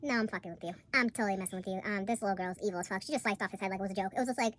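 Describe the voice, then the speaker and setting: A woman chatting casually about an anime, excitable and slangy, swearing a lot. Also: medium pitch, rapid-fire. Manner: excitable, slangy, swears a lot, laughs at her own jokes. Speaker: anime reviewer, co-host. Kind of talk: casual chat.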